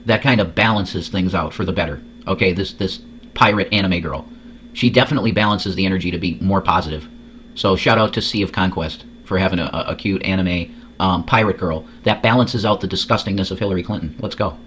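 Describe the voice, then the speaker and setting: A man's voice: low voice, brisk, fairly bright tone, slight background noise. A man hosting a casual reaction show, talking crudely and rambling, repeating words as he goes. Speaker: host.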